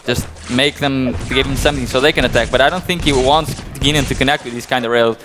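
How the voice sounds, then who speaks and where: A male co-caster on a live esports broadcast, speaking at a middle pitch. He breaks down each play and sounds openly stunned when something wild happens. Steady noise runs under the stream audio. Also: fast talker. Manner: analytical, incredulous at big plays. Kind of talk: live game commentary.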